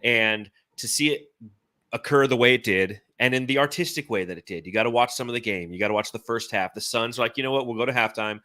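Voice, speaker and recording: A man's voice: medium pitch, quick pace, no echo, clean studio sound. Upbeat man in his forties hosting. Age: 40s. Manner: animated, rambling, enthusiastic. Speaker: podcast host. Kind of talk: casual sports podcast chat.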